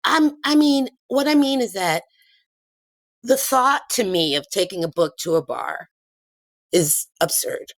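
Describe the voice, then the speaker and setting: An older woman, an activist guest, telling lively stories about dancing in bars during a casual interview. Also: medium pitch, a little slow. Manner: animated, laughing storyteller.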